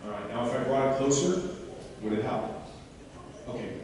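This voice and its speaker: Animated male speaker in an echoey hall. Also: mid-range voice, moderate pace, slight background noise. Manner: coaching, animated, asks the audience questions. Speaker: seminar speaker. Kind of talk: live workshop demonstration with a volunteer. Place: large hall before an audience. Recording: echoey hall, mic far off.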